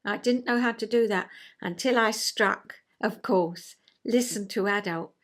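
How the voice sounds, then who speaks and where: Older woman, vlogger, self-mocking and chatty, unhurried delivery. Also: mid-range voice. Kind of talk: reading a rhyming poem, then casual chat.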